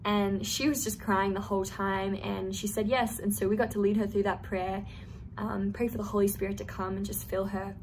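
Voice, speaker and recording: A young woman shares a personal faith testimony, telling it earnestly like a story and using casual fillers. Her voice is mid-range and a little mellow, with little pitch variation and a moderate pace, over slight background noise.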